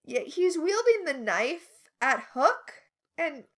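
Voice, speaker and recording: A woman co-hosting a casual recap chat, animated and sarcastic with quick asides. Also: sits high. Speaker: podcast co-host.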